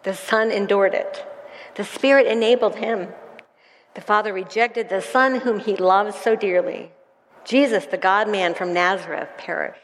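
A woman's voice: mid-range voice, a little slow, a little hiss or hum. A woman leading a Bible study, earnestly reading a devotional passage aloud to her group. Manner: earnest, grows emotional while reading. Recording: echoey hall.

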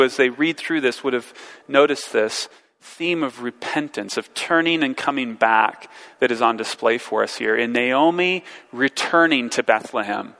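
A man's voice: mid-range voice, pushed and bright, long reverb tail. A man preaching a sermon, earnest and searching, posing rhetorical questions and repeating words as he works through a passage.

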